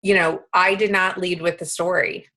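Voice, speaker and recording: A woman in her late thirties, a guest speaker telling a self-deprecating story in casual, animated chat. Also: lowish voice, moderate pace, poor audio.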